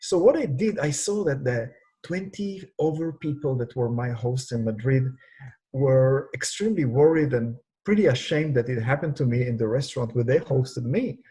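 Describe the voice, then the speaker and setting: Give me a middle-aged man from Singapore telling stories in an interview, with a husky, mellow voice. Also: medium pitch, normal speed, poor audio. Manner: animated, cries out sounds when telling stories. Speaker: interview guest, speaker on leadership. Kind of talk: conversational storytelling interview.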